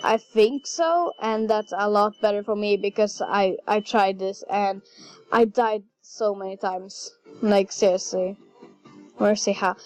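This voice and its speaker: Slow-talking young woman commenting on gameplay. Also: medium pitch. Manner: chatty, excitable, easily flustered. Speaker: gaming channel host. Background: faint game music.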